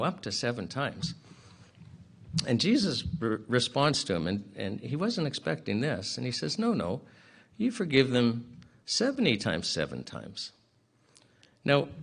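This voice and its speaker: At a public inquiry, a man earnestly retells a parable in plain language, dropping in casual asides and often clearing his throat between phrases. His voice is medium-pitched and a bit bright.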